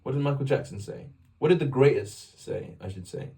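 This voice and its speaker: A man's voice: mid-range voice, fairly quick, creaky, breathy edge, recorded from a distance. A young English man in a casual, rambling vlog about faith, often restarting his sentences. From England. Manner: rambling, animated, self-interrupting. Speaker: vlogger. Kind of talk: casual faith talk to camera.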